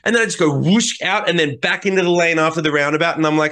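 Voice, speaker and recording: Animated, bright-voiced man telling stories. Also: fairly high pitch, fast. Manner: animated storyteller, swears freely, acts out quotes. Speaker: podcast co-host. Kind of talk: casual chat.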